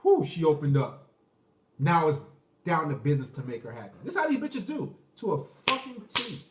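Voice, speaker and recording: A man's voice: a little high, big pitch swings, moderate pace, reverberant, distant mic, a little hiss or hum. A man ranting crudely about dating, acting out bits of quoted dialogue. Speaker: vlogger. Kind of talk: casual rant to camera.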